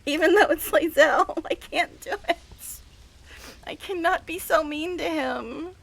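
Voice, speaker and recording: A woman's voice: high voice, measured pace, vocal fry, fairly bright tone. A woman streamer giving casual gameplay commentary, gushing and dramatic, laughing often. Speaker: game streamer.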